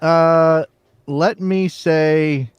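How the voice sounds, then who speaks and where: A man's voice: fairly high pitch, steady tone, drawn-out words, clear, resonant tone, no echo, lo-fi sound. A man hosting a live soccer show, chatting and joking, often trailing off and restarting. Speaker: podcast host. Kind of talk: casual sports chat.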